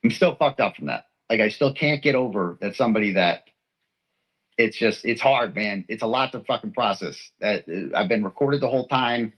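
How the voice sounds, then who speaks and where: A man's voice: lowish voice, animated, normal speed, a bit bright, breathy edge, rough recording. A man from Texas hosting a livestream, ranting in a rambling, profane, hurt way. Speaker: livestream host. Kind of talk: emotional livestream rant.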